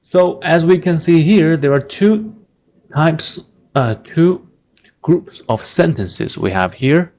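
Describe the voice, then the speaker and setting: A man explains a sentence pattern at a very unhurried pace. His voice sits at an ordinary middle pitch. He says each example twice, stresses the key syllables, and keeps checking in with the listener. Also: muffled recording. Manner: slow and patient, repeats and stresses example words, frequent "right?". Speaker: Chinese language teacher. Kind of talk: explaining grammar slowly with repeated example phrases.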